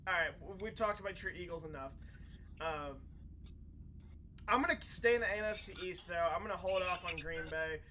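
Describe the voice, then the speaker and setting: A man co-hosting a sports podcast, calm and teasing, steering the conversation along. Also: high voice, normal speed, slight background noise. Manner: calm, teasing, steadying the talk. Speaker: podcast co-host. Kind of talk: casual sports chat.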